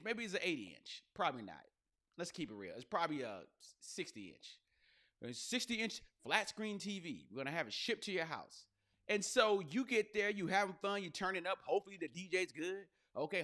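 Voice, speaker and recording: A male podcast host and comedian delivering a loose, profane, riffing monologue, jumping into quick voices and asides. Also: a little high, animated, a bit bright.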